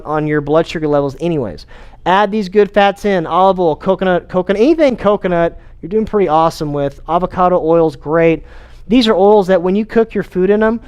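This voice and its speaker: High-voiced energetic man giving a seminar. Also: smooth, muffled recording. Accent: Texan. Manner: energetic, conversational, repeats himself. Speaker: chiropractor giving a health talk. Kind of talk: casual seminar talk to an audience.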